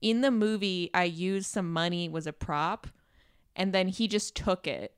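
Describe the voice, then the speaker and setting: A young adult woman hosting a podcast, chatting casually and telling animated stories with quoted voices. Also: lowish voice, unhurried, clear, resonant tone, no echo, studio quality. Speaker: podcast host. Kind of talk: casual chat.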